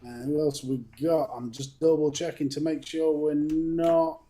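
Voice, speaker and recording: In a home studio for a live stream, a co-host with a warm, fairly high voice talks a bit slowly with little pitch movement. His casual chat consists of welcoming viewers individually by affectionate nicknames, punctuated by frequent laughter.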